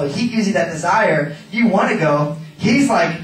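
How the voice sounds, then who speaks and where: A man preaching at a charismatic revival, giddy and laughing, breaking into shouts and nonsense chants. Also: high voice, animated, a little fast, slight background noise. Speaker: traveling minister. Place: large hall at a revival event. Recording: echoey hall, voice from far off.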